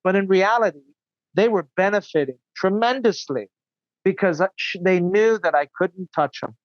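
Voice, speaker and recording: A man's voice: high voice, no echo, lo-fi sound. Earnest man telling his story. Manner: earnest, indignant, quick asides. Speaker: guest. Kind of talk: casual interview storytelling.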